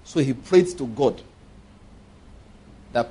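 A man's voice: mid-range voice, normal speed, long pauses, dark tone, breathy edge. A man in his fifties preaching a sermon with emphasis, repeating his points and checking that listeners follow.

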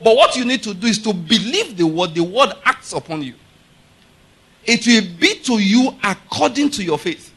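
Forceful high-voiced male preacher. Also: sing-song, moderate pace, breathy edge. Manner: emphatic, repeats rhetorical questions to the congregation; rises to loud forceful preaching. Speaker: pastor. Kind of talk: sermon.

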